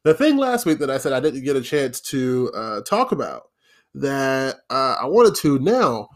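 A man's voice: medium pitch, big pitch swings, measured pace. A man hosting a casual solo podcast, rambling sarcastically, with plenty of fillers and repeated words. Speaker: podcast host.

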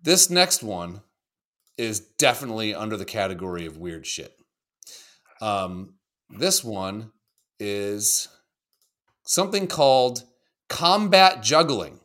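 Animated, profane man hosting a stream. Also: fairly low pitch, takes it slowly, long pauses. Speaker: co-host. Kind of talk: casual livestream video reaction chat.

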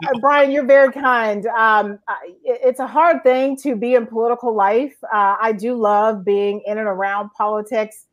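A woman in her forties from Georgia, recounting her career as an interview guest in a lively storytelling way with frequent fillers. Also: fairly high pitch, moderate pace. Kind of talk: conversational storytelling.

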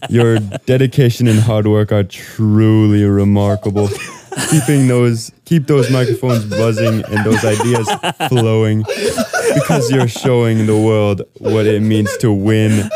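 A man's voice: on the low side, steady tone, unhurried, over a noisy crowd, natural voice. A young man reading out a boastful male politician's message in a put-on voice with a stray English accent, laughing through it. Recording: background noise with clicks.

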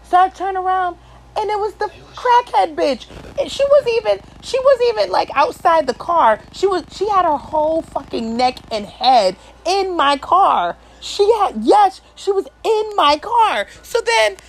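A woman hosting a podcast, telling a story in a casual, animated and crude way, with plenty of swearing. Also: extremely high pitch, unhurried, creaky, poor audio. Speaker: podcast host.

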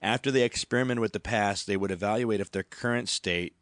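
A man's voice: fairly low pitch, brisk, a bit bright, no echo, clean studio sound. A man chatting on a podcast who laughs often and reads aloud with hesitant restarts. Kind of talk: casual podcast chat.

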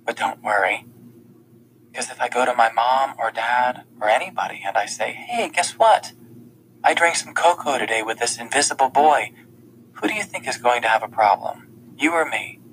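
A man reading an audiobook, voicing a blind teenage girl who is quick to anger and caring, often speaking softly or in a whisper with a higher lilt. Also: expressive, a little hiss or hum, low-quality recording. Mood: teasing.

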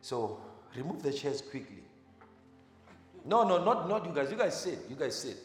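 A man preaching as a pastor. He quizzes the congregation with short questions, then gives quiet instructions during a live demonstration. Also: a little high, big pitch swings, moderate pace. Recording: echoey hall with music behind.

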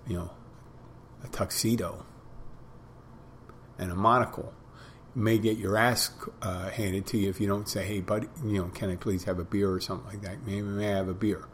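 A man working as a bartender who tells stories about customers in a plain, halting way. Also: lowish voice, steady tone, a little hiss or hum. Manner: plain-spoken, halting with restarts and fillers. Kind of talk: casual storytelling monologue.

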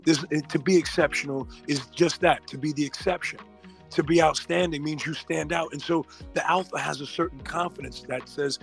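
A middle-aged man hosting a casual chat as a doctor, talking in an animated, emphatic and slangy way. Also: a little high, normal speed, creaky, faint music behind. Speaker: podcast host, doctor.

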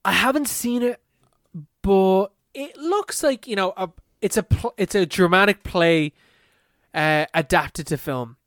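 Chatty young man, smooth voice. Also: high-pitched, unhurried, a bit bright, dry recording, clean studio sound. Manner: chatty, swears casually, many fillers. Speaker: podcast co-host. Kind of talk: casual chat.

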